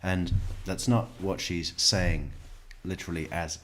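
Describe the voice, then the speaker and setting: A man's voice: sits low, steady tone, unhurried, a bit bright. A man giving casual true crime commentary, sarcastic and mocking as he mimics what he watches.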